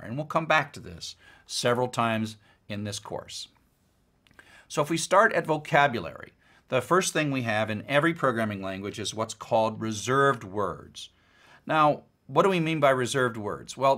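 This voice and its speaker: A middle-aged man teaching a recorded course lecture, his voice bright and forward. He explains in a relaxed, conversational manner and leans on playful everyday examples to make a point. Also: mid-range voice. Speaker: university lecturer.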